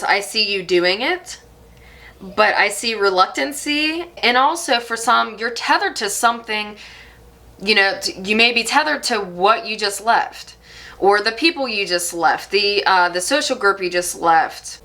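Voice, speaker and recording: A woman reads tarot for her viewers in a soft, reflective voice. Her tone is bright and clear, and she speaks in a reassuring way, at times slowing her words down. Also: medium pitch, animated. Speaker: tarot reader. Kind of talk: channeled tarot reading.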